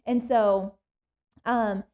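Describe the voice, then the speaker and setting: A young woman and labor and delivery nurse, telling her birth story in casual chat, animated and laughing often. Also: on the high side, extremely slow.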